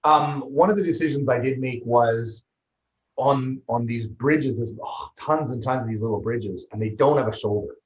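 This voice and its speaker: Man telling a race story, roomy sound. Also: mid-range voice. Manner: lively, fast storytelling with many restarts. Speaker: guest, ultraman athlete and trainer. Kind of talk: storytelling in an interview. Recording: roomy, slightly dull sound.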